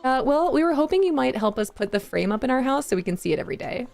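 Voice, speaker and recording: A woman reading a gentle, refined female dog's lines aloud from a cozy game. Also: high-pitched, big pitch swings, fast, vocal fry, exaggerated voice. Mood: fond.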